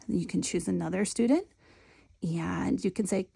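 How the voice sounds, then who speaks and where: Gravelly-voiced woman teaching a classroom game. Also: fairly low pitch, normal speed, background noise. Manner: patient, sing-song when modeling the chant. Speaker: Montessori teacher trainer. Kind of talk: instructional demonstration.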